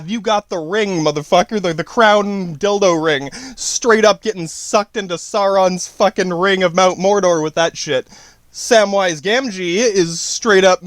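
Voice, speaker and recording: A man with a high voice, dryly recorded, delivers a rambling solo podcast monologue. The host is profane and slangy, jumping from tangent to tangent and restarting often.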